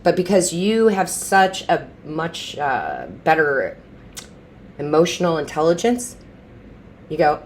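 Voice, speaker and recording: Low-voiced woman reading tarot. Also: very animated, slow pace, a little hiss or hum. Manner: reassuring, repeats phrases for emphasis; chatty, restarts mid-sentence. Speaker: tarot reader.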